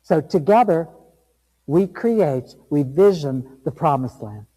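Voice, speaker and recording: A man's voice: fairly high pitch, expressive, slow pace, dark tone, husky, long reverb tail, low-quality recording. A man giving a sermon as a guest reverend, emphatic and conversational in a church sanctuary.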